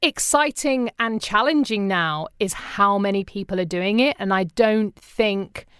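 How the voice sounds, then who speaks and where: A woman's voice: medium pitch, a little slow, clear, resonant tone. A British woman, a podcast producer, chatting in an interview and acting out the people she quotes. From Britain. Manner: animated storyteller, acts out quoted people. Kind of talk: casual interview chat.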